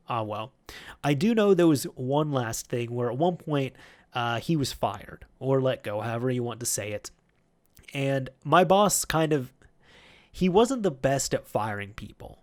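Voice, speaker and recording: A man's voice: medium pitch, lively intonation, unhurried, darkish tone. A man hosting a vlog, telling a work story in a chatty, rambling way with many fillers. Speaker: YouTube host.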